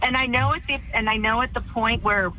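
A woman calling into an advice show, talking earnestly with halting restarts. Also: on the high side, steady tone, bright, forceful tone, slight background noise, low-quality recording. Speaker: caller. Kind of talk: call-in advice talk.

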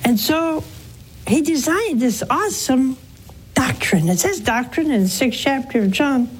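Slow-speaking nun preaching to callers. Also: female voice, high-pitched, lively intonation, slightly rough, rough recording. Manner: earnest, coaxing, asks the listener questions. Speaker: nun hosting a call-in show.

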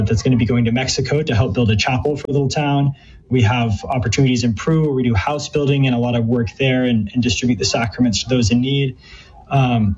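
A man's voice: medium pitch, a little mellow, a little hiss or hum. A man answering interview questions about ministry in an earnest, thoughtful way, with frequent fillers and restarts. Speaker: guest from a Catholic youth ministry. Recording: dull lo-fi sound.

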